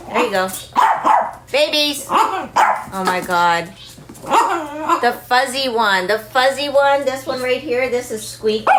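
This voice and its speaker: Doting woman scolding dogs over noise. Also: on the high side. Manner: doting baby talk to dogs, mock scolding. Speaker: senior dog sanctuary owner. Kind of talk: casual talk to dogs and camera. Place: her home, kitchen with many dogs.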